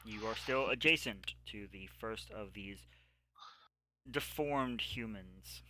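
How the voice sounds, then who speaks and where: A man's voice: on the low side, slow pace, bright, forceful tone, a little hiss or hum. A man running a tabletop game as game master, narrating the scene with frequent fillers.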